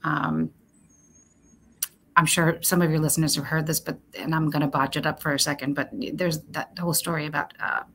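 A woman's voice: low voice, steady tone, a little fast, fairly bright tone, slightly rough. A woman guest, a corporate talent executive, speaking reflectively in a conversational interview and thinking aloud with fillers and restarts.

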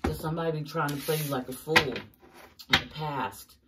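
A woman's voice: low-pitched, fairly even intonation, fairly quick, recorded from a distance, very noisy. A woman giving a casual tarot reading, talking emphatically to her viewers and cursing often. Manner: emphatic, swears often, talks straight to viewers. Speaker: tarot reader.

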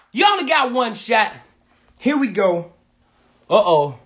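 A man hosting a livestream, loud and hyped, swearing and shouting to his viewers. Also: high voice, sing-song, takes it slowly, long pauses. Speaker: livestream host.

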